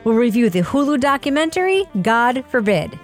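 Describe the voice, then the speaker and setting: A woman hosting a podcast, upbeat and quick to laugh as she introduces her guests. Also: fairly high pitch, sing-song, soft background music. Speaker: podcast host. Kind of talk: casual chat.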